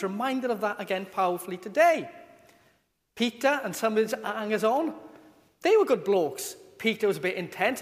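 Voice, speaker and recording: A man with a notably high voice preaches a sermon, talking in a chatty, joking, informal way. His voice rings with the long reverb of a church. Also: fairly bright tone.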